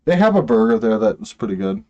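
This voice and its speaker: Man, podcast co-host, rambling, joking, swearing, mellow voice, lowish pitch. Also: sing-song, fast, lo-fi sound. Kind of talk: casual chat over a video call.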